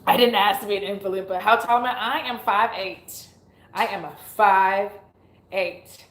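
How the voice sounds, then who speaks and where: Chatting on her home livestream, a young beauty YouTuber giggles a lot, mocks herself, swears without restraint and plays around with words. Her voice is medium-pitched and a bit bright, with a steady tone, normal speed and a roomy echo around it.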